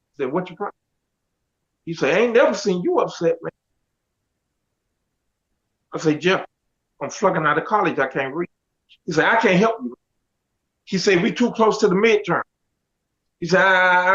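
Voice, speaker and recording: A man telling his life story with animated storytelling, casually acting out the other people's voices with slang. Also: sits high. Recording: dull lo-fi sound.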